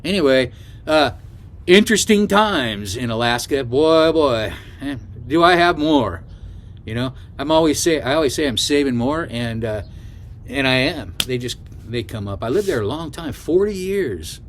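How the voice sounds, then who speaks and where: A man's voice: medium pitch, lively intonation, moderate pace. An older man telling a story to camera in a casual, rambling way, full of asides and fillers. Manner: rambling, chatty, full of asides and "you know". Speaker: travel vlogger.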